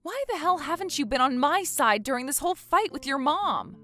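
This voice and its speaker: A woman's voice: high voice, lively intonation, brisk, pushed and bright, faint music behind. A woman playing a fed-up, exasperated wife in a dramatized story, talking indignantly. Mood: frustrated.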